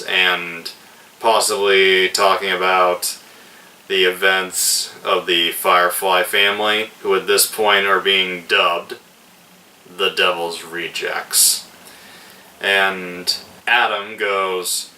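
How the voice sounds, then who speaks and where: Slow-talking man reviewing a film. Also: on the low side, pushed and bright, distant mic, poor audio. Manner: loose, rambling retelling with "like" fillers. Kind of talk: casual video review.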